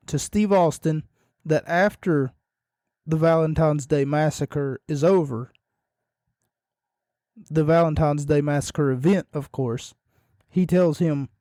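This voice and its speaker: A man with a raised pitch and a hoarse, frog-in-the-throat voice hosts a casual podcast. He talks in an unhurried, drawn-out way, rambling and making self-deprecating jokes. The recording is dry and close. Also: mellow, dry recording. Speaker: podcast host.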